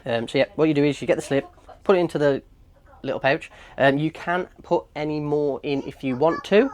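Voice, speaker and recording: A man talking casually to camera for a family travel vlog, relaxed and chatty. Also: on the high side, brisk. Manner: relaxed, chatty with frequent ums. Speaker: vlogger. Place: cruise ship and restaurant.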